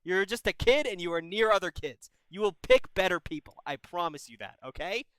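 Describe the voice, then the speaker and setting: A young man hosts a call-in advice stream, talking bluntly and with plenty of swearing, like an older brother. His voice is bright and smooth, a little high for a man. The recording is dry and close. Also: expressive, fairly quick, dry recording, low-quality recording. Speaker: advice show host. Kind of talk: casual advice chat.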